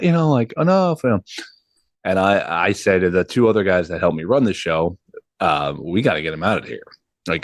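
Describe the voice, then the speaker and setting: A man in his thirties spins a rambling anecdote, full of fillers and bursts of acted-out quotes. His voice sits very low. It is recorded close and dry, with no room sound. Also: no echo. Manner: animated, acts out quotes, frequent ums and likes. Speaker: podcast host and comedy show MC. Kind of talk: casual storytelling.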